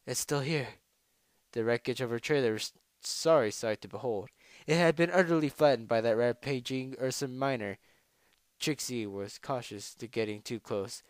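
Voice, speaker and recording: A man's voice: mid-range voice, clear, resonant tone, no room sound. A man narrating a fan story aloud, reading with frequent stumbles and self-corrections.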